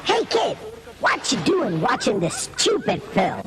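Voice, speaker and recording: A man's voice: very high voice, wildly swooping pitch, measured pace, heavy background noise, full character voice. A man voicing a cocky cartoon hedgehog mascot. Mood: taunting. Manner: taunting, in-your-face sales patter. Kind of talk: 1990s game commercial voice-over.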